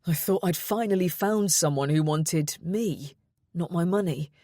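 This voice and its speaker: A woman voicing a gentle, emotional young man in an audiobook, speaking haltingly. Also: lowish voice, no echo, clean studio sound. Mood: rueful.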